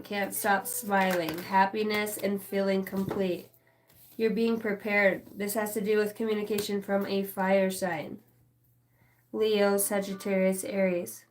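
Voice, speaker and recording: A woman's voice: mid-range voice, low-quality recording. A woman in her thirties giving a casual, profane, rambling live tarot reading as a channeler. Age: 30s.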